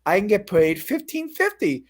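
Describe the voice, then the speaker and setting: Over crowd noise, a man rants on a livestream about being fired as a store cashier. His voice is high with big pitch swings at a moderate pace, and he swears while acting out the voices of the people he quotes.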